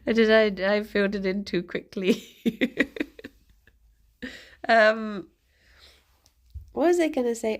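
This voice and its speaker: A woman's voice: mid-range voice, takes it slowly, long pauses. A young woman chatting casually on a live stream, rambling and giggling often as she reads the chat aloud.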